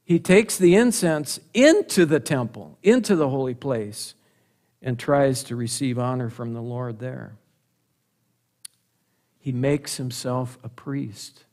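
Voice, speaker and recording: A man's voice: medium pitch, expressive, takes it slowly, darkish tone. A middle-aged man preaching a sermon, earnest and emphatic, with rhetorical questions and repetition.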